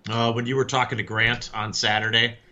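A man co-hosting a podcast, telling stories with animated energy in a bright voice. The recording sounds dull and lo-fi. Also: medium pitch, brisk. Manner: animated storyteller, acts out quotes. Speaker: podcast co-host. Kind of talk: casual chat.

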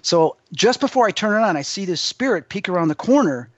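A male guest telling an excitable, rambling story as a paranormal investigator, acting out other people's voices. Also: high voice, brisk, dry recording, lo-fi sound. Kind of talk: animated anecdote storytelling.

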